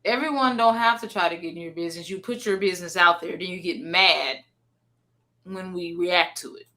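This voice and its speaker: A woman's voice: on the low side, fairly quick, sharp tone. A woman hosting a casual reaction commentary, making blunt, sassy asides to her chat. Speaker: commentary host.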